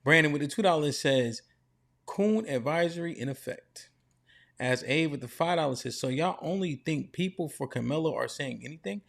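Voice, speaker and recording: A man's voice: fairly high pitch, a little fast, gravelly, few pauses, a bit bright. A man hosting a livestream panel, reading donor messages aloud in a casual, slangy way. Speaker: host reading superchats.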